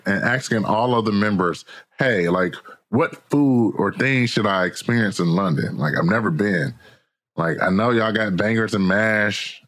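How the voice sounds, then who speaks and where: An American man, a podcast guest and author, telling stories in a casual, slangy, animated way and laughing often. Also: on the low side. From United States. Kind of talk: casual interview chat.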